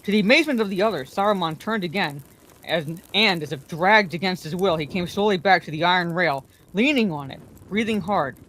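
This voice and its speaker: A woman narrating a fantasy novel aloud as a bedtime story, in a calm, even manner. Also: lowish voice, fairly quick, a little hiss or hum.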